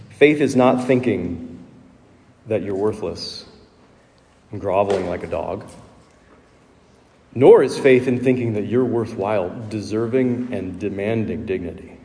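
Guy pastor preaching, mellow low-key voice, lots of rhetorical questions, long church reverb. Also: slow pace, pauses often. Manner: conversational teaching, rhetorical questions. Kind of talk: sermon. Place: church sanctuary.

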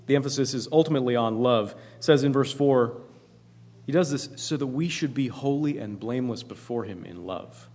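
A man's voice: medium pitch, a little fast, a little mellow. A man preaching a sermon in an earnest, emphatic way, often repeating himself for emphasis. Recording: long hall reverb.

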